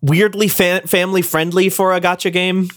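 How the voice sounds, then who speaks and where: A man co-hosting a casual gaming news podcast as a games writer, relaxed and rambling with self-deprecating asides. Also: high voice, normal speed.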